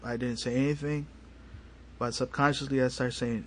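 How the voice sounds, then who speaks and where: Man, lively storyteller. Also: mid-range voice, moderate pace, a little hiss or hum. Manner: animated, acts out family dialogue. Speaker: paranormal investigator, studio guest. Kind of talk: casual storytelling interview. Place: radio studio.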